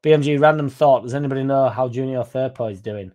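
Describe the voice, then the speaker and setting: Sweary lad, mellow voice. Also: male voice, medium pitch, fast. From England. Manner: chatty, sweary, reads comments aloud. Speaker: fan channel host reading live chat. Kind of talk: casual live-stream chat.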